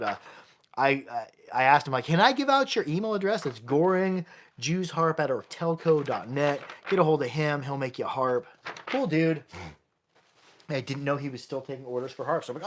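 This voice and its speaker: A man with a mid-range voice, recorded with a little hiss or hum, gives a laid-back live-streamed jaw harp lesson. He makes and plays the instrument, and his chatty delivery is full of restarted sentences.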